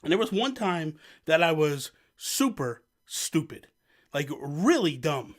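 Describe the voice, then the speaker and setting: A man in his thirties hosting his own channel, chatting casually in a loud, joking, self-mocking way. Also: on the high side, very animated, slow. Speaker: channel host. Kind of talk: casual rambling chat. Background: faint background music.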